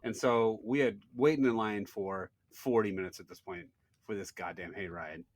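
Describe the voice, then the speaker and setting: A man co-hosting a podcast, telling a story in a casual, animated way and swearing freely. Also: lowish voice, normal speed. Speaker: podcast co-host. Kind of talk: casual chat.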